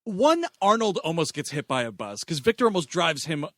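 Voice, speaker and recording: A man's voice: fairly high pitch, brisk, dry recording. A man co-hosting a podcast, recapping a film in casual banter, laughing and acting out lines from scenes. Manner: animated, laughing, acts out characters in quotes. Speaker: podcast co-host. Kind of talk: casual movie review banter.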